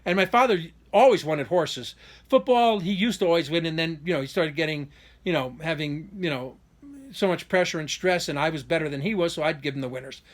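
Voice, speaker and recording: A man's voice: on the high side, a little fast. A man talking straight to camera in an unscripted monologue, rambling with frequent restarts and an indignant, aggrieved tone that speeds up in bursts on key points. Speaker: vlogger giving a personal update.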